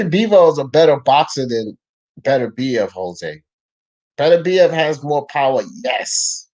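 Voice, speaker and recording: A young man hosting a casual live boxing talk stream, reading the chat out loud, answering it, and arguing in slang. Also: medium pitch, unhurried, poor audio. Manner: animated, slangy, argues with chat.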